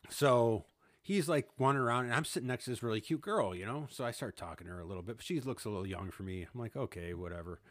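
A fast-talking man in his thirties with a medium pitch hosts a podcast and spins a story in easy conversation. He keeps laughing, curses, and performs the quotes of the people involved.

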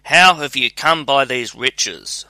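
A man doing a gruff, scolding old woodcutter father. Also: medium pitch, slow pace, sharp tone, no echo. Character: irritable old male woodcutter, a poor father.

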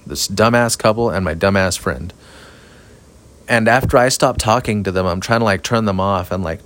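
A low-pitched man talks through a late-night solo podcast rant. His delivery is flat and monotone, loose and profane, and he rambles with a self-aware edge. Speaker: podcast host. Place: outdoors at night near an apartment complex. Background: sprinklers.

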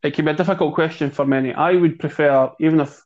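A man co-hosting a football chat show, speaking in a measured way and thinking aloud with fillers. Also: a little high, steady tone, muffled recording. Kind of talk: casual podcast chat.

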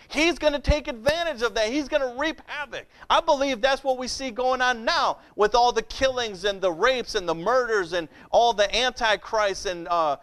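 A man with a notably high-pitched voice preaches a sermon. His delivery is conversational and direct, with frequent calls of "Amen?" to draw the congregation in. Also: fairly bright tone. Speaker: pastor.

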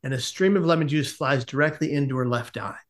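A man's voice: medium pitch, fast. A man, a podcast guest, telling a long comic story in casual conversation and acting out the quotes as he goes.

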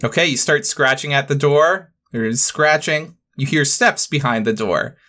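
A man running a tabletop role-playing game, narrating scenes in a relaxed, descriptive way. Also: medium pitch, a little slow. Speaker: game master.

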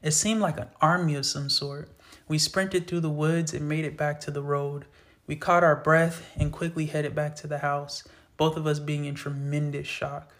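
A man's voice: a little high, flat delivery, moderate pace, a bit bright. A man reading his own novel aloud in an earnest, plain storytelling voice. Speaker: author reading his book. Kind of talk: storytelling narration.

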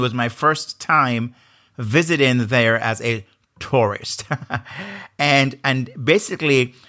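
Hosting a leadership podcast meant to motivate, this Jamaican-accented man has a mid-range, bright voice that sounds pushed. His delivery is earnest and forceful, and rhetorical questions come up often.

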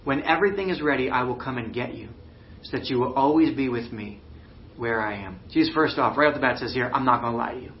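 A man's voice: mid-range voice, quick pace, highs cut off, a little hiss or hum. A man preaching a sermon in an earnest, searching way, often restarting and using fillers. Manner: earnest, with many restarts and "you know" fillers. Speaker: pastor.

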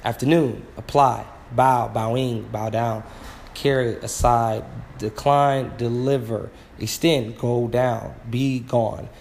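Slow, wondering man studying word roots. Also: mid-range voice, steady tone, vocal fry, a little mellow, slight background noise. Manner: slow, exclaims wow, sounds out words. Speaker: Bible word-study teacher. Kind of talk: casual Bible word study.

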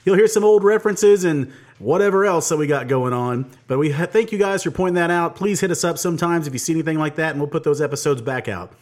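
A man's voice: fairly high pitch, quick pace, few pauses. A young man hosting a podcast in casual, upbeat chat, often laughing. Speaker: podcast host.

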